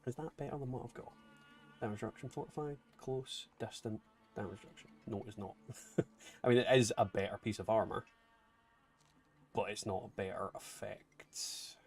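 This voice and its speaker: A Scottish man chats casually and swears while streaming a game and answering viewer chat, with game music playing behind him. His voice is lowish and a little mellow, at a normal speed with frequent pauses.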